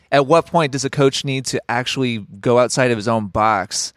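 A man's voice: medium pitch, measured pace, no room sound, studio quality. A man hosting a casual chat about coaching, rambling and thinking aloud.

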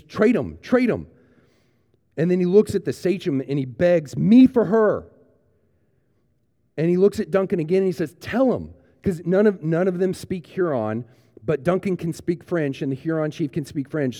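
Earnest preacher with a mellow voice. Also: male voice, on the high side, big-room sound. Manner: earnest storytelling, growing quiet and tender. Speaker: pastor. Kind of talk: sermon.

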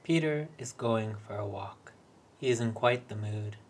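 A man reading a short story aloud in a wry, deadpan way. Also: fairly low pitch, unhurried, a little hiss or hum. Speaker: reader.

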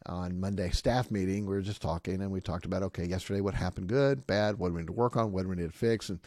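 A man's voice: low voice, fast talker, dry recording, clean studio sound. A man, a pastor, hosting a podcast and talking emphatically, often checking in with "okay?" and acting out what others say. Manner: emphatic, often asks "okay?" and acts out quotes in lively voices. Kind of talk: podcast monologue.

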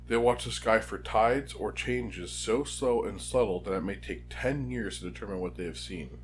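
A man's voice: on the low side, normal speed, a little hiss or hum. A man co-hosting a podcast, casually summarizing a book chapter. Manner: relaxed, summarizing. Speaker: podcast co-host.

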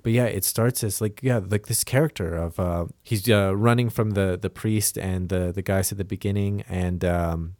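A man's voice: deep voice, steady tone, moderate pace, few pauses, darkish tone, dry recording, studio quality. A man co-hosting a podcast, casually talking through a film with many fillers and restarts. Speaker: podcast co-host.

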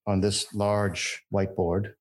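A man's voice: fairly low pitch, flat delivery, takes it slowly. A man co-hosting a casual podcast, trading easygoing, opinionated banter. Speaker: podcast co-host. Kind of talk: casual chat.

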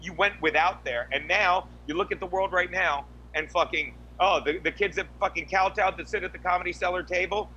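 Man, high voice, bright tone, profane rambling podcast chat, faint background hum. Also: steady tone, fairly quick, hardly any pauses, highs cut off. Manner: many restarts and fillers. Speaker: podcast co-host, guest. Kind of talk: crude casual podcast chat.

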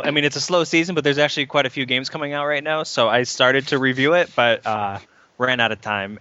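Bright, crisp-voiced male co-host. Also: mid-range voice, dry recording, lo-fi sound. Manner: hesitant, restarts often. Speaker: podcast co-host, editor. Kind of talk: casual podcast chat.

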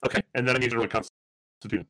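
A man's voice: medium pitch, steady tone, rapid-fire, fairly bright tone, slight background noise, low-quality recording. A man narrating as game master of a tabletop game, rambling with many fillers and restarts.

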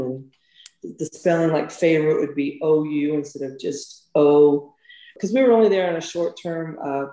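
Mellow-voiced woman from Texas. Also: low voice, echoey room, poor audio. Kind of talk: casual chat.

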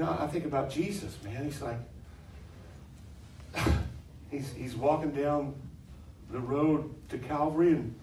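A male preacher tells stories to his congregation in an easy, conversational way, then pushes his points out loud and emphatic. His voice sits in a mid range and carries some distance from the mic. The church around him is roomy and echoing, with a faint hiss underneath. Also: medium pitch. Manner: conversational storytelling, swelling to loud laughing emphasis. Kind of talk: sermon with humorous stories. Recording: echoey live church recording from a distance.

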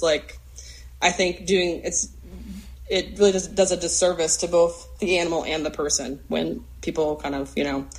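Woman talking in thoughtful, halting chat. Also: on the low side, poor audio. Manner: thoughtful, hesitant, many fillers and restarts, laughs easily. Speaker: podcast guest. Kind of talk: casual chat.

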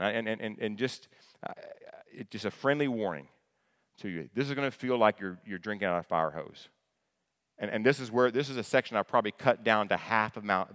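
Preaching man in a reverberant church hall. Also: lowish voice. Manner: animated preacher, asks the congregation questions and answers them; repeats words and restarts phrases. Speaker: pastor. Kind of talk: sermon.

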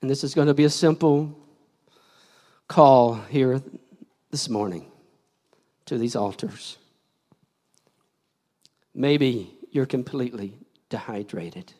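An older male pastor delivers a sermon in a church, unhurried and deliberate. He swings from hushed near-whispers to loud shouts as he presses toward an altar call. His voice rings with the long reverb of a large sanctuary. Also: mid-range voice.

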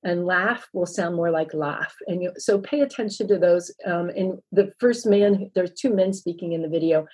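A middle-aged woman giving a lecture on dialect sounds, slowing down to sound out example words. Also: on the low side, darkish tone, slightly rough, rough recording. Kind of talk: recorded lecture.

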